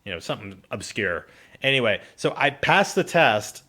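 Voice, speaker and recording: A man telling rambling, profane personal stories to his channel's viewers in a loose, animated way. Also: medium pitch, moderate pace. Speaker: channel host. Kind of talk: casual storytelling to camera.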